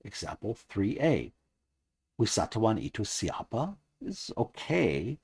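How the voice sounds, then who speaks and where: A man narrating a scripted grammar lesson, reading out example sentences slowly and carefully. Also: fairly low pitch, sing-song, creaky, darkish tone, slightly rough. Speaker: language teacher.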